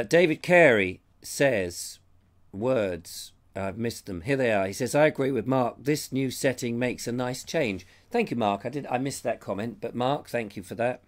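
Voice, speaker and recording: A middle-aged man hosting a casual live chat, reading viewer comments aloud and reacting to them. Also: medium pitch. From Britain. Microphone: lapel mic.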